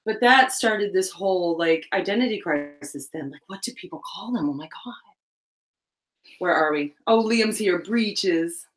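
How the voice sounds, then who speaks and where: A woman's voice: lowish voice, expressive, normal speed, low-quality recording. A middle-aged woman with a Southern US accent, co-hosting a casual live chat show, talking animatedly and laughing often.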